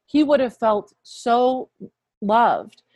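A woman in her fifties sharing a personal faith testimony as an interview guest, earnest and reflective, often dropping to a hushed voice. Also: a little high, animated, very slow, no room sound. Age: 50s.

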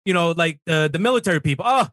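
A man's voice: high voice, sing-song, fairly quick, fairly bright tone, dry recording, studio quality. A man on a political talk show, ranting heatedly and swearing emphatically.

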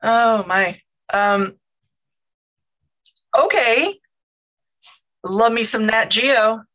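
A woman speaks very slowly as a player in a tabletop game. Her voice is bright and forceful, and her tone is hesitant and wry. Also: mid-range voice, fairly even intonation. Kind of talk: casual tabletop game play.

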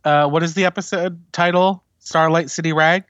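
A man hosting a podcast, chatting casually and recapping a TV episode with lively storytelling. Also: a little high, moderate pace, dry recording, muffled recording. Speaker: podcast host doing recaps.

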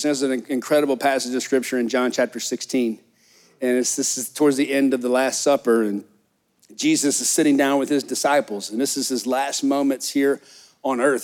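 A middle-aged man, preaching a sermon as pastor in a church, telling stories with lively animation. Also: mid-range voice. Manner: animated storytelling, acts out disciples' excited chatter. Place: church sanctuary.

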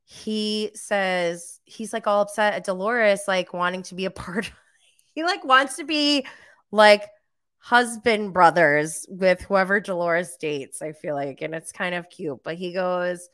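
A woman hosting a casual live recap stream, chatting with lots of fillers and jumping up in pitch when she quotes herself. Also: unhurried, clear, resonant tone. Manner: animated, jumps high when quoting herself. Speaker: live show host recapping reality TV.

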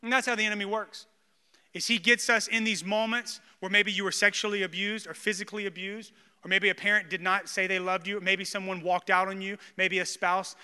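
A man, a pastor preaching a sermon with animated personal storytelling and self-deprecating humor. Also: high voice, brisk, clear, resonant tone, big-room sound.

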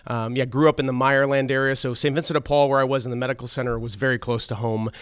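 A man's voice: medium pitch, fairly even intonation, fast talker, a bit bright, clean tone, dry recording. A Catholic priest from Texas, a podcast guest who tells stories animatedly and acts out his quotes. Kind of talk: casual podcast chat.

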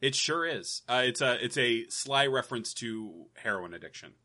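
A man's voice: mid-range voice, expressive, moderate pace, pushed and bright. A man in his late thirties co-hosting a podcast, joking in casual chat. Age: late 30s. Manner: joking, playful. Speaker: podcast co-host.

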